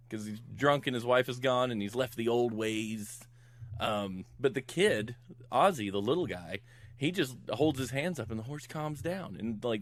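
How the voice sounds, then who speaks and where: A man's voice: mid-range voice, no echo. A man guesting on a podcast, retelling a film plot in casual chat, acting out the characters' lines and laughing often. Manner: animated storyteller who acts out the characters' lines; laughs often while talking.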